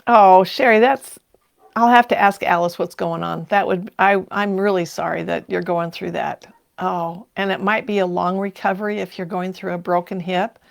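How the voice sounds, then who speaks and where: Older woman, livestream host, gravelly touch, chatty and quick to laugh. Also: lowish voice, fairly even intonation. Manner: chatty, laughs often, reads viewer comments aloud. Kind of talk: casual live-stream chat.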